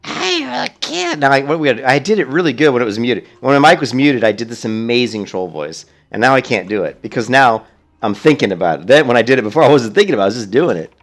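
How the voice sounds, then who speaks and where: Animated, profane male gaming streamer. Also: mid-range voice, quick pace. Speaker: let's play streamer. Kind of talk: casual gaming commentary.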